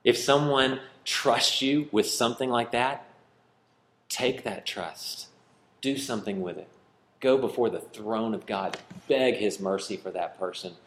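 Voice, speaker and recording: A man preaching in an echoing room, his mid-range voice bouncing off the walls. He moves between quiet earnest pleading and sudden loud, playful bursts, acting out small scenes and quizzing the crowd. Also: mid-range voice, unhurried. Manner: animated, acts out little scenes, asks the room questions. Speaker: pastor. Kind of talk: sermon with Bible teaching. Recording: roomy echo.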